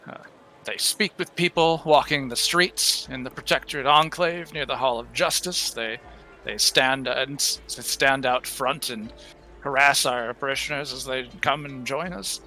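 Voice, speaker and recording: Man voicing an old priest, gentle, worried, halting, bright raised voice, faint music behind. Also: mid-range voice. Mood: weary, grave. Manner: halting, many restarts and sighs. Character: elderly male temple priest, gentle, worried. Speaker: game master. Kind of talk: in-character tabletop roleplay.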